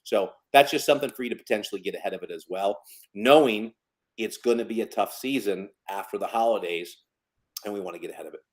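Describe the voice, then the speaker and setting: A man's voice: on the low side, fast talker. Chatty man in his fifties giving advice. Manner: lively storyteller, acts out phone calls in quotes. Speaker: podcast co-host. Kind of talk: casual business advice talk.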